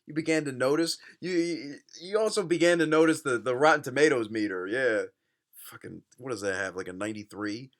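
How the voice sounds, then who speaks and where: A young man doing a sarcastic, profane comedic reaction to a book, mocking it with loud outbursts and muttered asides. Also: medium pitch, sing-song, a little fast. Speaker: vlogger reviewing a book.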